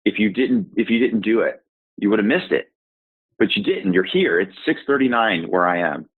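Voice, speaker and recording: A man gives emphatic, repetitive pep talk on a group video call. His voice is husky. The sound is squeezed thin like an old phone line. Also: fairly low pitch, expressive, moderate pace. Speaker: interview guest, startup sales coach.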